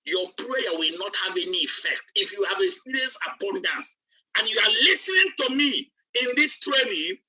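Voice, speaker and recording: A man's voice: high voice, big pitch swings, normal speed, sharp tone, breathy edge. Emphatic man preaching business. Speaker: business coach. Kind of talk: preaching motivational training. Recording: distant, dull lo-fi recording.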